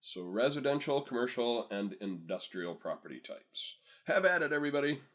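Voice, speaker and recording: A man at a middle pitch walks through a software task over a screen recording. His manner is easygoing and conversational, and he keeps checking in with learners to pause the video and follow along. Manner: relaxed, chatty, tells viewers to pause and catch up. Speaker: software instructor. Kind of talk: screen-recorded tutorial narration.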